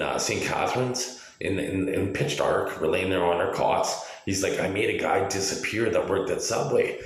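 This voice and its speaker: A man in his forties giving an agitated, profane, rambling monologue, full of restarts. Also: low voice. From Canada. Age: 40s. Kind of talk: ranting video monologue. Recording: very echoey room.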